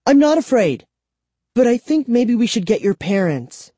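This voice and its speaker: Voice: big pitch swings, normal speed, dark tone, no room sound. A reader voicing a nervous, stubborn young girl who insists and stammers in a raised voice. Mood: insistent. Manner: high, insisting, stammering when frightened. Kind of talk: audiobook character voice.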